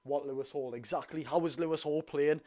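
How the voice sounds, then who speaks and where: A man's voice: on the high side, steady tone, a little fast, dark tone. Blunt Geordie man streaming live football. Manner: blunt, chatty, thanks viewers between reactions to play. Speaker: football watch-along streamer. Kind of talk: live watch-along commentary and chat.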